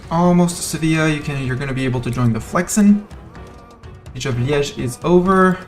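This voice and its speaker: Male streamer, chatty and playful, narrating his own moves live; a touch high-pitched, soft music behind. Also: normal speed. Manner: thinks aloud, playful, chats to in-game nations. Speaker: game streamer. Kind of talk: casual live gameplay commentary.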